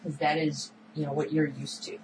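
A woman co-hosting a podcast, recapping a TV episode in a chatty, animated way full of filler words. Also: deep voice, normal speed, background noise. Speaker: podcast co-host. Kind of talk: casual chat recapping a TV episode.

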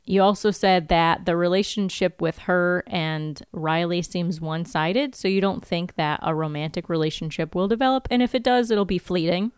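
A congested woman co-hosting a podcast, recapping an episode in casual, lively chat. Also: lowish voice, moderate pace, hardly any pauses, clean tone, dry recording, studio quality. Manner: lively storytelling with laughs. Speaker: podcast co-host.

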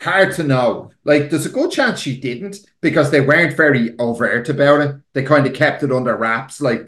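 A man's voice: mid-range voice, fairly bright tone. A man co-hosting a podcast in casual chat, blunt and sweary, teasing his co-host. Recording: roomy echo.

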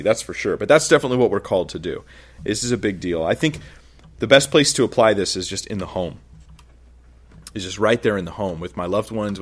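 A man preaching a sermon in a casual, conversational way, acting out little quoted asides and laughing now and then. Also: fairly low pitch. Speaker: pastor.

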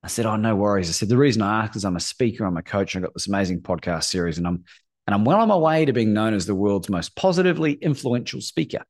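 A fast-talking Australian courage coach, middle-aged with a lowish voice, spins a lively tale as a podcast guest. He voices the characters he quotes and regularly checks in with "right?"

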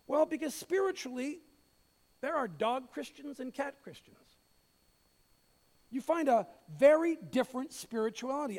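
A man pastor preaching a sermon, telling a story with light humor in an expressive way. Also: very high voice. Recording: hall reverb.

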